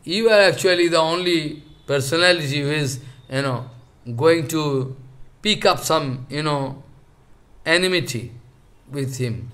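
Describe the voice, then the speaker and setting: High, bright-voiced man lecturing slowly. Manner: halting speech with many fillers and repetitions; chants verses slowly. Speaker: spiritual lecturer. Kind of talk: scripture lecture.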